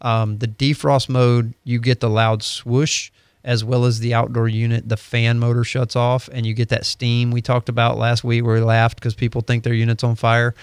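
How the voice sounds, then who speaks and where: Man, smooth clear voice, steady explanations, dry close sound. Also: mid-range voice, moderate pace, dry recording. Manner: steady, explanatory, with filler ums. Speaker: HVAC company guest expert. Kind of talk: casual radio chat.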